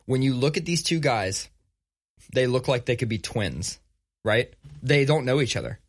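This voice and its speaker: A man co-hosting a casual podcast, talking in a relaxed, conversational way and telling stories. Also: mid-range voice, normal speed, breathy edge. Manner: conversational, reads sponsor plug casually. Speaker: podcast co-host. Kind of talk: casual chat.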